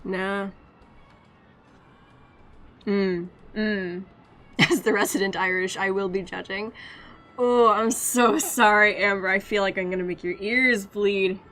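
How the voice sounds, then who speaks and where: A woman's voice: medium pitch, steady tone, slow pace, pauses often, a bit bright, soft background music. A woman streamer chatting casually and laughing a lot, joking at her own expense. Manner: chatty, giggly, self-deprecating. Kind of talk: casual gaming stream chat.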